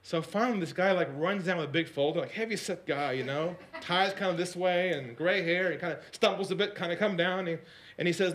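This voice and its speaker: A man giving a storytelling talk as a sales coach, dropping to a hush for quoted lines and rising high when excited, often asking the audience questions. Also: fast talker. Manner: animated, swings between hushed quoted lines and high excited narration; repeats and restarts words, asks the audience questions.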